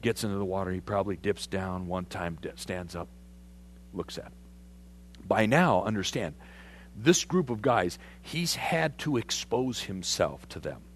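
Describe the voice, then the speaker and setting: A man preaching a sermon, animated and conversational, putting questions to his congregation. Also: deep voice, a little slow, slight background noise. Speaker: pastor.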